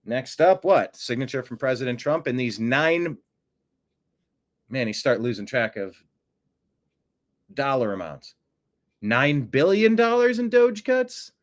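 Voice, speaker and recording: A man hosting a political commentary show, animated and sarcastic, who often mocks others by putting on high voices. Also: measured pace, pauses often. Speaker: host.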